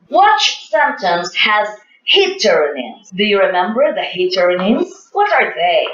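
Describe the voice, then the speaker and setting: A woman walks through exam questions slowly and deliberately, her pitch rising and falling a lot as she asks rhetorical questions. She sounds far from the mic in an echoey room, and the audio is dull and lo-fi. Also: a bit bright. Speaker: exam review lecturer. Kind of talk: teaching a test review.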